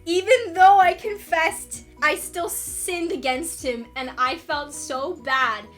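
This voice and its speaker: A woman in her twenties telling a confessional story in a vlog, animated and dramatic, laughing often. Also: very high voice, slow pace, faint music behind. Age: 20s. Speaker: vlogger.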